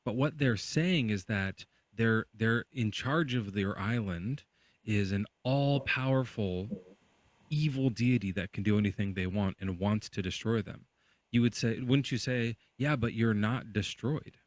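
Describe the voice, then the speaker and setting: A man's voice: lowish voice, a little slow, dry recording. A man hosting a livestream, telling a rambling, playful hypothetical full of fillers. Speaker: livestream host. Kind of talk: casual debate chat.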